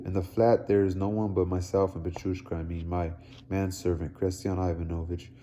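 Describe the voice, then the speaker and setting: Timid fumbling clerk, low flat voice, stumbles over his words, a man reading. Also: close to an everyday voice. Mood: anxious. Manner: halting, repeats himself. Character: timid fumbling middle-aged male clerk.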